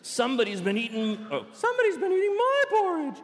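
Cross storybook mama bear, high and strained, played by a preacher, loud, with hall echo. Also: male voice, wildly swooping pitch, fast talker, exaggerated voice. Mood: indignant. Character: growling mother bear.

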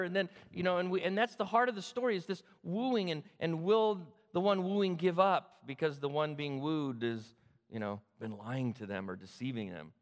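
A man from the Sacramento area preaching a sermon, retelling the story with animated repetition. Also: fairly high pitch, big-room sound. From Sacramento area, California. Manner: animated storytelling, repeats phrases. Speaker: pastor.

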